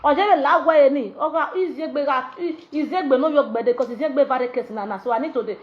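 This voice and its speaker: A woman with a Nigerian accent rants to camera in Pidgin, her voice pitched high as she scolds and mocks in looping, sing-song repetitions. The sound is dull and lo-fi, like a cheap phone recording. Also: brisk. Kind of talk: ranting monologue in Nigerian Pidgin. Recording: dull lo-fi audio.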